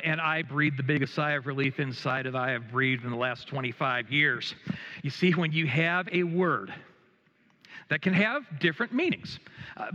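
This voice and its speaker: Middle-aged man, pastor, sermon, hesitant with restarts, gently humorous, slightly high voice, long church reverb. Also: muffled recording. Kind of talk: sermon with personal anecdote. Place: church sanctuary.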